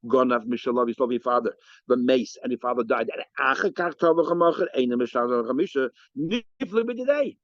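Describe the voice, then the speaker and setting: Fast-talking rabbi teaching a Talmud class. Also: male voice, medium pitch, no echo. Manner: lively, animated, explains and asks questions. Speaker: rabbi teaching daf yomi. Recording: muffled lo-fi sound.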